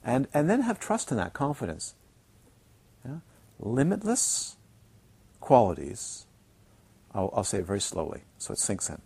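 Man, Buddhist teacher, dharma talk at a retreat, mid-pitched voice, playful, repeats words for emphasis. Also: a little slow, gravelly, long pauses, husky. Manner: playful, animated, mimics students' self-talk. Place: retreat centre teaching hall.

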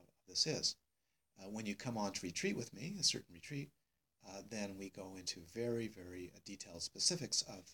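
A male meditation teacher giving a dharma talk to students, emphatic and unhurried, repeating phrases with many pauses. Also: low voice, pushed and bright, husky. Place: meditation hall.

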